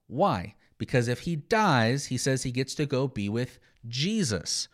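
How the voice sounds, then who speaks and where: A man's voice: mid-range voice, lively intonation, measured pace, hardly any pauses. A man teaching Scripture on a podcast, explaining passages with sarcastic asides.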